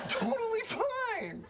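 Guy putting on a super squeaky jealous dude going loud, swearing he's totally fine. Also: heavy background noise, full character voice. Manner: strained, insisting he is fine. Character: flustered jealous man forcing calm, squeaky. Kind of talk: comedic impression in podcast chat.

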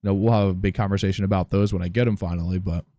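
A man's voice: sits low, fairly even intonation, racing, warm tone, no echo. A man co-hosting a podcast in casual chat, loose and profane, full of fillers. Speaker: podcast co-host.

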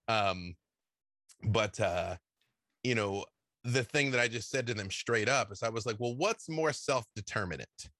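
A man's voice: lowish voice, unhurried, long pauses, bright, forceful tone, dry recording, studio quality. A tired man talking casually as an interview guest, rambling and filling his talk with "you know". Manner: tired after a long day. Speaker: guest game designer. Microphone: video call.

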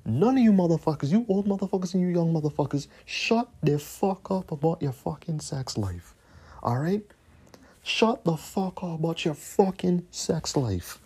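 A man's voice: a little high, animated, normal speed, a little mellow, husky. A man, hosting a podcast and delivering a profane, repetitive, scolding rant. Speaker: podcast host.

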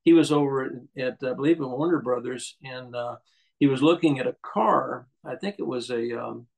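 A man's voice: mid-range voice, normal speed, creaky, rough recording. A man, a guest on an interview show, telling rambling anecdotes with many restarts and fillers. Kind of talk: casual storytelling interview.

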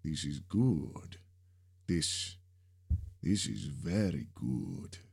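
A man voicing a powerful masked villain who gloats over a captured boy, with a deep, commanding voice and slow, deliberate delivery. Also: darkish tone, husky, heavily acted. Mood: intrigued. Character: menacing masked man, powerful slaver leader.

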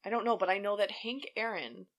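A woman's voice: mid-range voice, brisk. A woman hosting a podcast, telling a story in casual chat, blunt and sarcastic with plenty of swearing.

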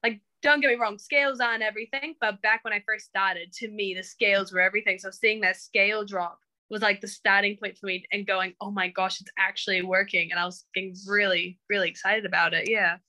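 A woman's voice: medium pitch, steady tone, fairly quick, hardly any pauses, sharp tone, poor audio. A young woman telling her story to her coach in a casual interview, acting out what she and others said. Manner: chatty, acts out quoted remarks. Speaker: coaching client.

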